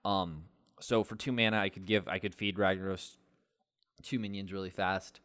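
Low-voiced man, chatty gamer. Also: steady tone, moderate pace, fairly bright tone, dry recording, clean studio sound. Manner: rambling, many fillers and restarts, laughs often. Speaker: podcast co-host. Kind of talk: casual gaming chat.

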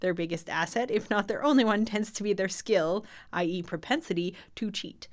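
A woman's voice: medium pitch, moderate pace. A young woman co-hosting a casual podcast, laughing often and reading definitions aloud with a wry tone. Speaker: podcast co-host.

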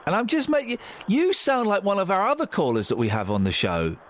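Teasing radio host with a very animated pitch. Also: male voice, slight background noise. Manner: teasing, interrupting, quick questions. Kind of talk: radio phone-in chat.

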